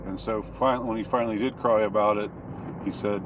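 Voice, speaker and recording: Low-voiced man, halting casual monologue, recorded dull in a noisy car. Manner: rambling, halting, many restarts. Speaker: commentator. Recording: dull lo-fi with steady noise.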